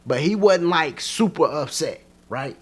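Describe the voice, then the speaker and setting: Animated man with a lively, expressive voice. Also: on the high side, a little slow, breathy edge. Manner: animated, laughing, acts out characters' lines. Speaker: TV show reviewer. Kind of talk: casual video review.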